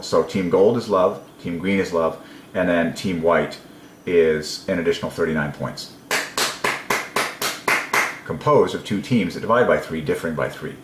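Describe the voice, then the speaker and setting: A man's voice: sits low, echoey room, slight background noise. A man giving a casual devotional lecture as a video host, marvelling and laughing often, with repeated okays. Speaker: religious numerology video host.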